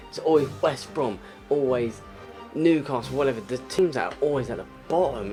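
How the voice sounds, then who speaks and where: Faint music plays behind a young gaming YouTuber as he commentates his football game live, animated and fairly quick, with a medium-pitched, darkish voice. His muttering keeps breaking into frustrated exclamations.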